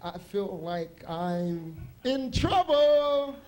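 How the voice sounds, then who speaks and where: A man's voice: high voice, animated, extremely slow, a little mellow. A man doing a stand-up comedy set on a club stage, telling loose, rambling stories with asides.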